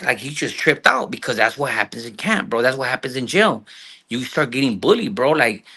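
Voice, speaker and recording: A man in his thirties with a South Los Angeles accent, a guest telling slangy, profane stories in a casual interview. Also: mid-range voice. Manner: slangy, profane, animated storyteller who acts out quotes. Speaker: guest actor.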